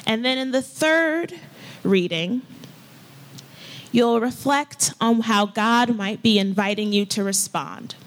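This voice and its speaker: Soft-spoken woman preacher, slightly high voice. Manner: gentle and unhurried, with pauses and invitations. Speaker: pastor. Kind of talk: sermon leading a guided scripture practice. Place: church hall with folding chairs.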